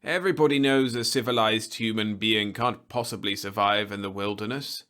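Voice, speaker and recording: A man's voice: fairly low pitch, fairly even intonation, moderate pace, pushed and bright, clear, resonant tone. A man reading a storybook aloud, voicing a frail, pampered young city man who speaks in a listless, plaintive, slightly haughty way. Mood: listless, gloomy.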